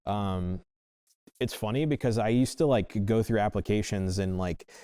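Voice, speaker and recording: A man's voice: fairly low pitch, normal speed, dark tone, smooth, no echo. A man on a discussion panel, a former assistant news director, talking casually with many fillers.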